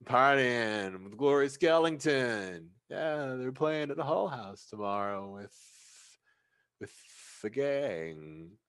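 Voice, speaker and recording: A man voicing a drunk young male partygoer who talks slowly and loosely, slurring his words. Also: mid-range voice, animated, fairly bright tone, smooth, no echo, clean studio sound, voice pushed up.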